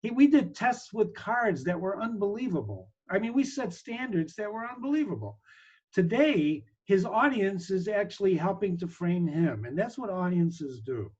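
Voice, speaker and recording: High, husky-voiced emphatic business speaker man. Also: big pitch swings, normal speed, darkish tone, lo-fi sound. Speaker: business strategist guest. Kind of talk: interview talk.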